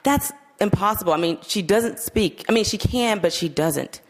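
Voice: mid-range voice, moderate pace, voice pushed up, close to an everyday voice. A reader doing a syrupy, lilting troop leader. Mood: chirpy. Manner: lilting, sing-song instructional tone. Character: syrupy, cheerful woman troop leader, always smiling.

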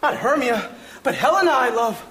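A man's voice: extremely high pitch, animated, moderate pace, sharp tone, a little hiss or hum, full character voice. A man playing an ardent, impassioned young lover in a Shakespeare reading, declaiming the verse.

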